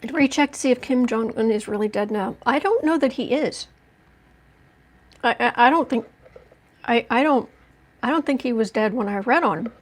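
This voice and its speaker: A woman's voice: fairly high pitch, moderate pace, long pauses. A woman hosting a casual livestream tarot reading at home, chatting in a rambling way with many restarts and asides. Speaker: tarot reader and livestream host. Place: at home indoors.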